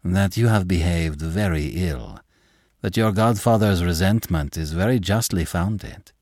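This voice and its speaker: A man voicing a gentle, affectionate noblewoman who speaks softly and tenderly in a classic novel reading. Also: sits low, measured pace, dry recording, studio quality. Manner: soft, tender and gently coaxing. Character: gentle, affectionate noblewoman, older aristocratic lady.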